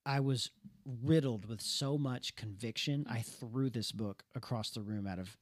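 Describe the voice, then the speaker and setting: A man's voice: mid-range voice, measured pace, no room sound, studio quality. A young man co-hosting a casual talk, telling a personal story earnestly with many restarts. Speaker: podcast co-host.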